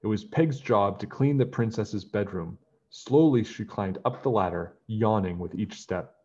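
Husky man reading a picture book aloud. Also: lowish voice, a little slow, lo-fi sound. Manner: gentle, storytelling, chatty sign-off. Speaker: children's book reader.

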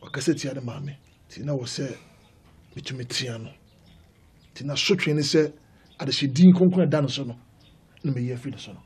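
An actor playing a stern middle-aged clan elder in a film drama, speaking gravely. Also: male voice, mid-range voice, a little fast, long pauses, a little mellow. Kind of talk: Twi-language film drama.

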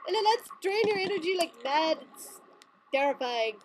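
High-voiced young woman, melodramatic gamer. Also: big pitch swings, moderate pace, background noise. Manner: melodramatic, whiny, yelling in frustration. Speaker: let's play gamer. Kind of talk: gameplay commentary.

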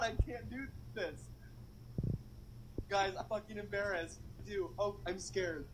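A man's voice: high voice, unhurried, background noise. A young man vlogging outdoors beside a public fountain, talking in a flustered, anxious, rambling way full of swearing. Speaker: vlogger doing a dare. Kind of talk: casual vlog to camera.

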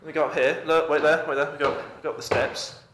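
A man's voice: on the high side, fast. A man chatting casually through a vlog and directing his friend around an outdoor theme park. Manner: chatty, animated, giving directions. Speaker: vlogger. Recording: noisy outdoor camera audio.

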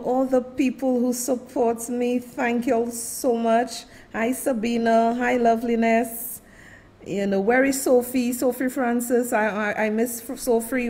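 A woman's voice: a little high, darkish tone. A woman in her fifties from Saint Lucia with a Saint Lucian accent, hosting a show in casual live chat and calling out her viewers one by one with terms like darling. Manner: chatty, calls viewers darling and names them one by one. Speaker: show host. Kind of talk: casual livestream chat with viewer shout-outs.

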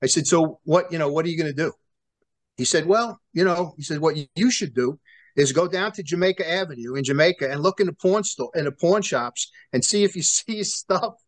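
A former prosecutor, speaking a little high and a little fast, tells long stories as a guest in a sit-down interview. He's an animated storyteller who acts out the lines of the people involved, restarting often.

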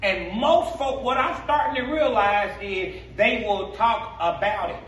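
A male pastor with a Black speech pattern preaches in a call-and-response style, his high voice climbing into shouts. He sounds set back from the microphone, and the sanctuary echoes around every line. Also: a little slow, recorded from a distance, slight background noise. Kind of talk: sermon. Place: church sanctuary.

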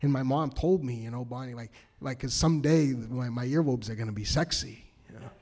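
A man from New Hampshire telling a story on stage, nervous and halting, with many restarts. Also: mid-range voice, a little mellow. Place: cultural center hall, live audience.

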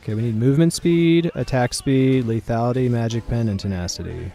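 A man's voice: medium pitch, fairly quick, dark tone, faint music behind. A man thinking aloud and muttering casual commentary while he plays a video game, swearing at setbacks. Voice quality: gravelly. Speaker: gameplay streamer.

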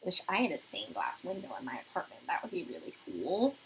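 A woman's voice: fairly low pitch, wildly swooping pitch, a little fast, slight background noise, low-quality recording. Chatty young woman hosting a livestream. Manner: chatty, reads viewer comments aloud, often drops to a soft murmur. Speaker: beauty livestream host. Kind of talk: casual livestream chat while doing makeup. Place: home apartment.

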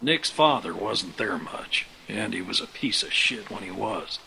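An actor playing a gruff, grizzled uncle who leads a band of survivors in a game, blunt and commanding. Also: male voice, lowish voice, lively intonation, unhurried, sharp tone, exaggerated voice, poor audio. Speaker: video game character. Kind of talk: game dialogue.

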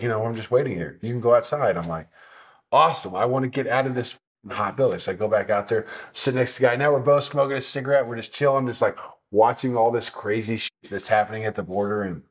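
A man telling a travel story in a casual sit-down interview, animated and swearing, acting out what people said. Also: fairly low pitch. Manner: animated, swearing, acts out quotes. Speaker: motorcycle traveler telling his trip.

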